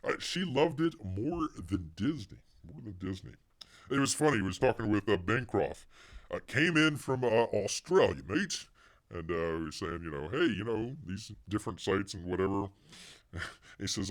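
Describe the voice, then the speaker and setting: A man's voice: on the low side, lively intonation, moderate pace. A man hosting a casual livestream, rambling and talking about himself in the third person, his voice getting worn. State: losing his voice. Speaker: livestream host.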